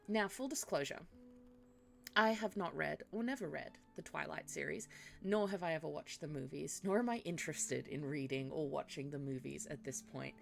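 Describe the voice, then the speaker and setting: A woman from Eastern Europe breaks from her role-play to chat bluntly and mock herself. Her voice is low and gravelly with vocal fry, and faint music hums underneath. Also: moderate pace. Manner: blunt, self-mocking, swears freely. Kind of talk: casual chat.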